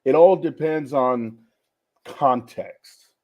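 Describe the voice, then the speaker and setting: A man on a casual panel chat, explaining his view in a measured, step-by-step way. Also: mid-range voice, darkish tone.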